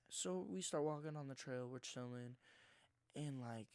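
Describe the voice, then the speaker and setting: A man in his twenties telling a rambling, slangy story in his own words, sometimes dropping into a hushed near-whisper. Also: fairly high pitch, measured pace, no room sound, studio quality. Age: 20s. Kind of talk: casual first-person storytelling.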